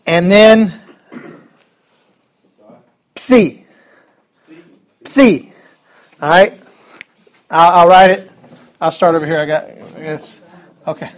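A man teaching a Bible class in a casual, joking way, chuckling often and restarting his sentences. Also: high-pitched.

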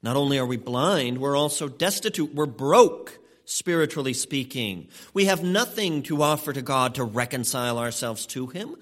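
A man's voice: mid-range voice, fairly bright tone. A male pastor preaching a sermon, pressing his points with strong emphasis and shifting pace. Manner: emphatic preaching, speeds up and slows down for stress.

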